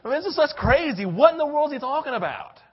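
An older man delivers a sermon in a high, animated voice that leaps up and down as he acts out little scenes. He peppers his talk with "right?" and playful asides. The recording sounds a little dull and lo-fi. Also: fast talker. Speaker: pastor.

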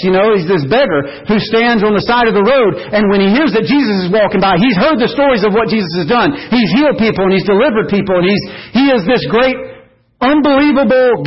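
A preacher giving an earnest, impassioned sermon, with emphasis that rises and falls, heard on a dull, lo-fi recording. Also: male voice, high voice, breathy edge.

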